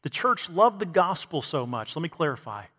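A man's voice: a little high, very animated, normal speed, pushed and bright, in a large hall. A man preaching a sermon to a congregation, asking rhetorical questions and adding bits of humor. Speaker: pastor.

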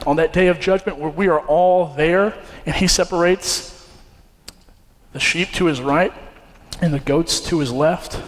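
Casting: young man, fairly high voice, earnest conversational preacher, hall reverb. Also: measured pace. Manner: earnest, conversational, many fillers and restarts. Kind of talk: sermon with personal story. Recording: long hall reverb, faint ambience.

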